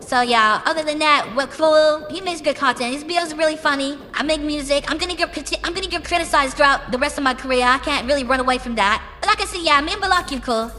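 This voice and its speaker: A woman's voice: high-pitched, bright, forceful tone. A woman musician from the United Kingdom giving brash, profane interview answers in a casual way. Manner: brash and profane, drawn-out emphatic phrases. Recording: reverberant room with music behind.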